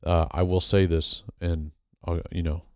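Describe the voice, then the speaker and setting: Low-voiced rambling podcast host man. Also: little pitch movement, a little slow, a little mellow, no room sound, clean studio sound. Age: adult with a master's degree. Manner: rambling, joking, many fillers and restarts. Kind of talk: casual podcast monologue.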